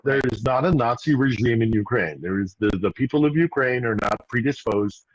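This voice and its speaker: A man's voice: mid-range voice, expressive, fairly quick, slight background noise. Rambling man on a dull stream. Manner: rambling, with restarts and asides. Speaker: regular guest commentator. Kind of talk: casual political commentary. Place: in Ukraine.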